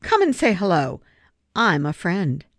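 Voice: medium pitch, very animated, moderate pace, vocal fry, dry recording, studio quality. A reader voicing a passionate, earnest schoolgirl who loves animals, insistent in tone. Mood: coaxing. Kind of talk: audiobook character reading.

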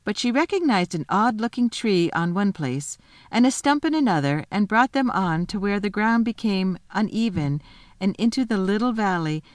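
A woman reading a children's novel aloud in a lively, expressive storytelling manner. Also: medium pitch, dry recording, studio quality. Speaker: reader.

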